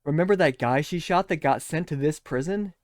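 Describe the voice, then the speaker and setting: A man's voice: on the high side, brisk, no echo, clean studio sound. A man giving scripted, sarcastic commentary as a show critic, scathing, mocking and profane.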